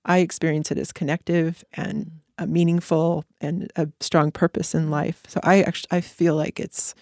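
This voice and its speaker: A woman guest on a podcast, talking earnestly in a reflective conversation with halting restarts. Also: sits low, level tone, a little mellow, no room sound, studio quality. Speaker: podcast guest, eating disorder clinic co-founder.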